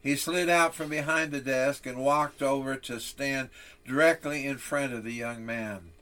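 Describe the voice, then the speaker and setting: A man's voice: medium pitch, fairly even intonation, measured pace, sharp tone. Solemn man preaching a sermon. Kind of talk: sermon with an illustrative story.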